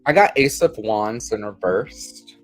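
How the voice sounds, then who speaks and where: A man's voice: on the low side, animated, unhurried, faint music behind. A tipsy man giving a tarot reading in casual podcast chat, meandering and hedging.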